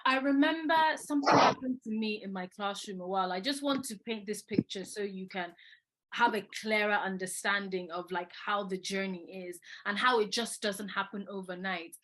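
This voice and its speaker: Bright candid woman telling a story. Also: medium pitch, normal speed. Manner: candid, animated, imitates a child's whining. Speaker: educator. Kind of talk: reflective storytelling.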